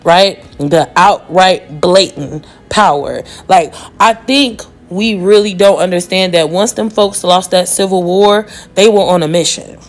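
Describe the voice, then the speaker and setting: Impassioned woman with nervous laughs. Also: fairly low pitch. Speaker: social media commentator. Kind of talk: emotional casual monologue.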